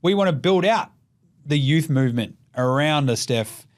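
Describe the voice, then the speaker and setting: A man's voice: fairly high pitch, normal speed. Profane, jokey Australian man. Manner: profane, jokey, animated with mocking put-on voices. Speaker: podcast host. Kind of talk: casual sports commentary.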